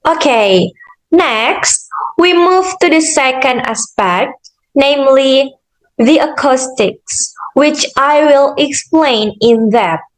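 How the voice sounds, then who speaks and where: A young woman student giving a slow, careful class presentation, explaining step by step with frequent "okay" and "so". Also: a little high, low-quality recording. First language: Indonesian. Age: young adult. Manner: deliberate, measured, with "okay" and "so".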